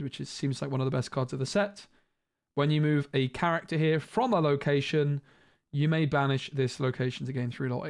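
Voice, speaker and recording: Chatty man reviewing cards, fairly high voice. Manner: thinks aloud, restarts, muses and reacts. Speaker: card game streamer. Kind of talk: livestream card review, casual commentary.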